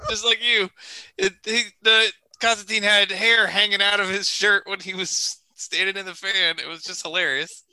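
A man's voice: high-pitched, fairly even intonation, moderate pace, bright, forceful tone, clear, resonant tone, no room sound. A man co-hosting a casual movie chat, blunt and profane with a joking edge. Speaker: podcast co-host.

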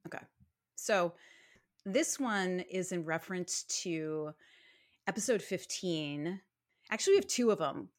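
A chatty woman co-hosts a casual podcast, her voice sitting a little low for a woman. She talks loosely and laughs often, trading banter with a friend. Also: sing-song, measured pace, long pauses. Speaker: podcast co-host. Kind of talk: casual true-crime podcast chat.

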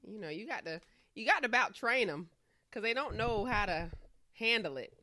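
A woman's voice: fairly high pitch, lively intonation, moderate pace, pushed and bright, no echo, studio quality. A young adult woman co-hosting a podcast, telling salty, laughing stories in casual chat. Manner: salty, laughing, profane storyteller. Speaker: podcast co-host.

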